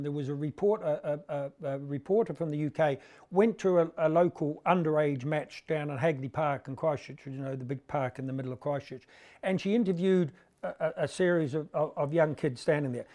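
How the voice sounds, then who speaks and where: A man's voice: fairly high pitch, a little fast, dark tone. A man in a casual rugby discussion, telling an anecdote in a rambling, storytelling way with many restarts. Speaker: rugby pundit.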